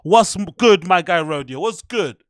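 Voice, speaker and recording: A man's voice: high-pitched, expressive, moderate pace, no echo, studio quality. Mocking man reacting to clips. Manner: mocking, profane, exasperated. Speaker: show host. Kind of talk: reaction commentary.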